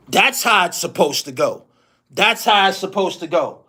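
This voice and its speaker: A man's voice: high-pitched, lively intonation, sharp tone, husky. A man hosting his own channel, delivering a heated, profane sports rant full of slang and repeated lines. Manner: heated, rapid-fire, repetitive rant with heavy slang. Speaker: host. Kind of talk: profane ranting sports commentary.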